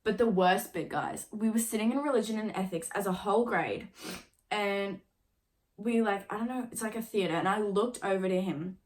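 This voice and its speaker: A young woman in her late teens chats through a storytime for her vlog. Her talk is loose and filler-heavy, with "like" in nearly every phrase and a casual swear dropped in along the way. Her voice sits at a middle pitch. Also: moderate pace. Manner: chatty, filler-heavy with constant "like"; swears casually while retelling. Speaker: vlogger.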